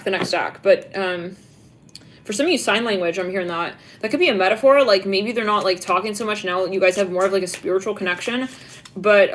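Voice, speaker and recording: A woman's voice: medium pitch, slight background noise. A young woman giving a casual tarot reading, rambling with constant "like" fillers and frequent giggles. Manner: giggly, rambling, heavy use of "like". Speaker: tarot reader.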